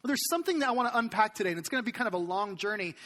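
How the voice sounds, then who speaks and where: A man's voice: sits high, very fast. A middle-aged man preaching a sermon, telling a funny story and acting out the quoted lines. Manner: animated, acts out quoted lines. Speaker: pastor.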